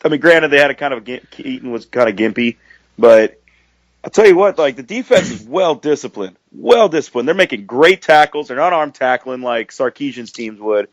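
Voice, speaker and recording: A man in casual sports chat, excitable and profane, often repeating himself. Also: mid-range voice, moderate pace, no room sound. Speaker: co-host.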